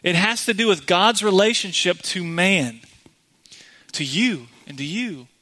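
A man's voice: sits high, expressive, a little slow, pushed and bright. A man preaching a sermon in a church, speaking earnestly and directly to the congregation. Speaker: pastor.

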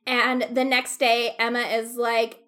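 A young woman casually recapping a book on a podcast, acting out the characters in quick voices and laughing often. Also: on the high side, level tone, bright, forceful tone. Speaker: podcast co-host.

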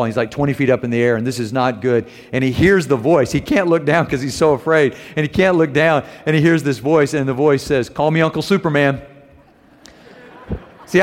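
A middle-aged male preacher delivers a sermon in a church sanctuary, telling stories and lifting his voice loud on key phrases. The sound rings with a long hall reverb. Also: mid-range voice. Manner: animated storytelling, rising loud on key phrases. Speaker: preacher and homiletics teacher.

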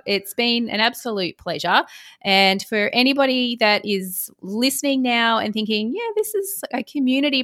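A woman's voice: on the high side, pushed and bright, dry recording, studio quality. A woman hosting a podcast, chatting encouragingly with a guest and affirming what she says. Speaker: podcast host. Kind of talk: conversational podcast interview. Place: separate room, recorded remotely. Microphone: remote call, podcast mic.

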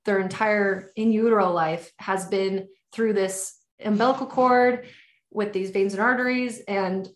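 A woman's voice: mid-range voice, fairly even intonation, measured pace. A woman talking in a casual podcast conversation as a birth educator, enthusiastic and effusive. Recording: echoey room.

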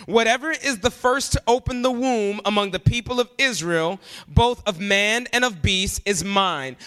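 A man preaching a sermon, emphatic and animated, often jumping up in pitch for emphasis. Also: moderate pace, clean tone. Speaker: pastor.

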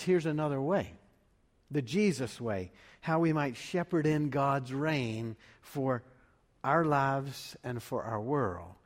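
A man delivering a sermon as pastor, measured and full of rhetorical questions. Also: mid-range voice. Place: church sanctuary. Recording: long reverb of a large room.

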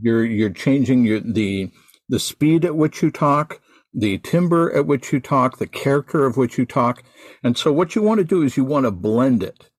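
An American man who teaches Santa performers talks through his advice in an emphatic, teacherly way. His voice is husky and slightly breathy. It is recorded dry and close, with no room sound. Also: mid-range voice, animated, normal speed, dry recording. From United States. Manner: emphatic, teacherly, repeats points. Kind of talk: instructive podcast talk.

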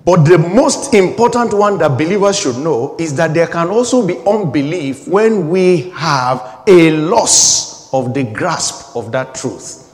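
A man's voice: on the high side, expressive, unhurried, hardly any pauses, big-room sound. A man in his forties preaching a sermon, emphatic and repetitive, building in intensity. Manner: emphatic, repeating phrases, rising intensity.

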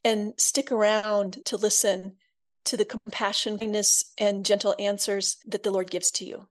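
A woman from Iowa speaks as a podcast guest, telling her faith story with earnest, heartfelt warmth. Her voice sits at a middling pitch, and she drops softer and quieter when she turns intimate. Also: little pitch movement, normal speed. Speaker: guest author.

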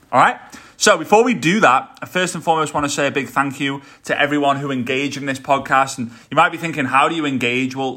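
Scouse man, solo podcast host, motivational and direct, energetic delivery. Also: mid-range voice. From England.

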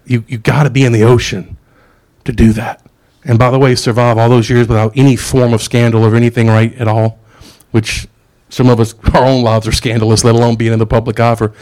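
A man's voice: medium pitch, flat delivery, a little fast, darkish tone. Guy preaching a sermon, laid back and joking around, middle-aged. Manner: casual, conversational preaching with asides and jokes.

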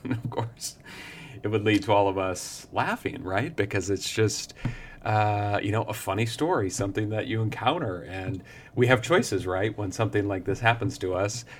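A man, hosting a reflective spiritual podcast and telling a story in a gentle, chatty way with fillers and soft laughs. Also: fairly low pitch, moderate pace, a little hiss or hum. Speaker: podcast host.

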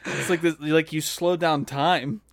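Man, co-host, teasing, joking, slightly high voice, dry. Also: steady tone, unhurried, creaky, dry recording. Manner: teasing, joking commentary with laughs. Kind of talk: casual chat.

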